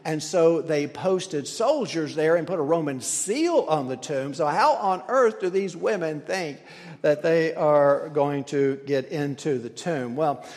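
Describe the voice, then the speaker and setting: A man gives a sermon in a church sanctuary, his voice sitting a little high. He explains the text step by step and often restarts his sentences. The sound carries a long hall reverb. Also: darkish tone. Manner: explanatory, with frequent restarts and stumbles. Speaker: pastor.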